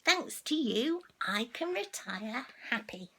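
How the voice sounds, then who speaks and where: Jolly old witch lady, granny doing her, a bit gravelly, pleased with herself, slow. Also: fairly high pitch, big pitch swings, pushed and bright, full character voice. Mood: content. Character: cheerful old witch, school cleaner, proud.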